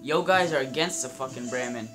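A young man casually commenting on his game, excitable and swearing, talking to his in-game companions. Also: mid-range voice, a little fast. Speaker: gameplay commentator. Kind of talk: casual let's-play commentary. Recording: game music loud behind voice.

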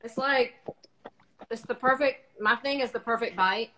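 Fairly high-voiced woman host, casual. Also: measured pace, bright, forceful tone, rough recording. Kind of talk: live cooking show chat. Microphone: livestream.

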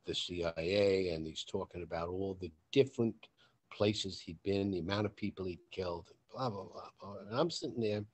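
Male podcast host, storytelling, lively, acts out the dialogue, swears freely. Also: fairly low pitch. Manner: animated, acts out quoted dialogue in a raised voice; swears casually.

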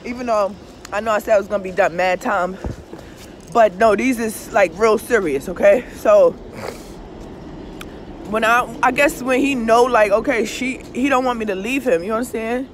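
A woman's voice: fairly high pitch, normal speed, a little hiss or hum. Profane, emphatic woman chatting outdoors. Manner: profane, emphatic, keeps asking "you understand?". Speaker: tarot reader and vlogger. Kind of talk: casual confessional chat.

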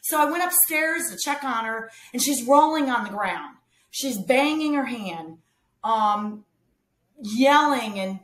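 A woman telling a family story in a casual, animated way, quoting herself and others as she goes. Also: a little high. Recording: roomy echo.

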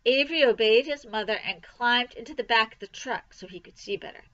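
A woman reading a children's storybook aloud for a library, with an expressive, lively delivery. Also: on the high side, fairly quick, muffled recording.

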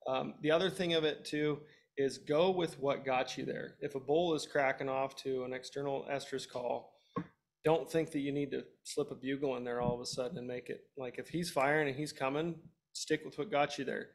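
A man's voice: mid-range voice, fairly even intonation, normal speed. A man in his thirties, a hunting guest expert, giving practical, direct advice in an instructional webinar.

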